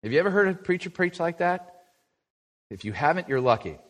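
A man's voice: fairly high pitch, brisk. A middle-aged man preaching a conversational Bible lesson, asking his listeners questions and answering them himself. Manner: lively, conversational, asks the audience questions. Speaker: pastor teaching a Bible study. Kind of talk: sermon lesson.

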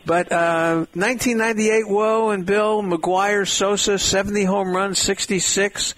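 A man hosting a sports radio talk show, lively and upbeat as he steers the conversation. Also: high-pitched, measured pace. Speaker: radio host. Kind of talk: casual radio chat.

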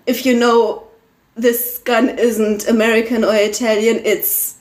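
Woman, casual chat, teasing, high-pitched, roomy echo. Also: level tone, measured pace. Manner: teasing, laughing. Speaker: co-writer reading a story.

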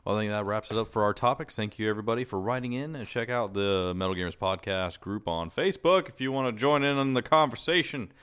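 A man's voice: lowish voice, fast talker, hardly any pauses, fairly bright tone, clean tone. A man hosting a casual podcast, laid-back and filler-heavy, laughing often. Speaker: podcast host.

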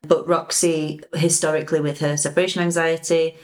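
Low-pitched woman co-hosting a chatty podcast, lots of ums. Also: flat delivery, brisk, a little mellow. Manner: chatty storyteller, frequent ums. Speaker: podcast co-host. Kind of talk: casual chat.

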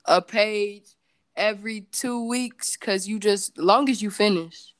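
A woman's voice: medium pitch, slow, no echo. A woman guest on a podcast, talking in a loose, candid way with many fillers and self-corrections. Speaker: podcast guest, entrepreneur and singer. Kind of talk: casual chat.

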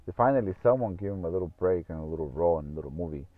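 Low-voiced man telling a rambling story. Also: lively intonation, racing, no room sound. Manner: rambling, repeats himself, swears often. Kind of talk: casual storytelling monologue. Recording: tinny phone-like audio.

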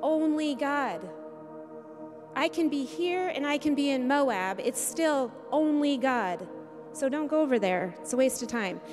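A woman preaching a sermon, her high voice carrying an earnest, conversational warmth of address. Her words ring out with a long reverb in a church hall. Soft music plays faintly beneath her. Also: expressive, a little slow. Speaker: pastor. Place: church sanctuary.

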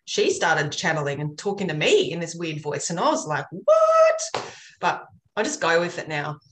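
A woman's voice: low-pitched, lively intonation, a little fast, slight background noise. A woman talking earnestly about her work as an energy healer, a chatty and rambling storyteller. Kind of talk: casual interview chat. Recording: roomy echo.

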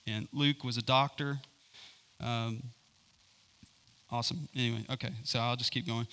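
Casual male preacher, keen and chatty, crisp bright voice, stumbles through fillers. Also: medium pitch, fairly even intonation, moderate pace, pauses often. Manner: enthusiastic, rambling with many fillers. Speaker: Bible teacher. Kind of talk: informal Bible teaching.

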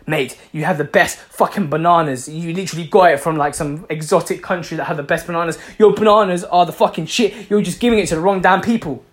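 A man's voice: fairly high pitch, fast talker, few pauses. A man giving a passionate motivational talk, repeating himself for emphasis and swearing freely. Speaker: motivational speaker.

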